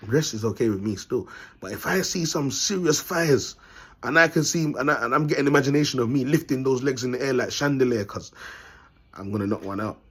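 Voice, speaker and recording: Guy ranting to camera, husky voice, loads of slang, laughs a lot. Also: mid-range voice, a little fast. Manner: rambling and blunt, heavy street slang, laughs often. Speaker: vlogger. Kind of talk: casual monologue to camera.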